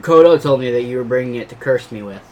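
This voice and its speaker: A man's voice: medium pitch, fast, a little mellow, soft background music. A man playing a tabletop game, describing his character's actions in a casual, plain way. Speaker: player.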